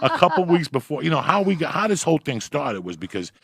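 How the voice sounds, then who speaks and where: Gravelly, rowdy storyteller. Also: male voice, fairly high pitch, very animated, fast talker, over a noisy crowd. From New Jersey. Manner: loud, profane, laughs through his stories. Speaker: podcast guest. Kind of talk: storytelling on a podcast.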